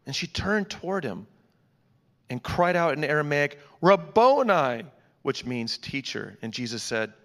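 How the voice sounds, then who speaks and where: A man's voice: mid-range voice, lively intonation, moderate pace, vocal fry, fairly bright tone, big-room sound. A man reads scripture aloud in church in an earnest, dramatic way and adds small asides. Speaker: scripture reader.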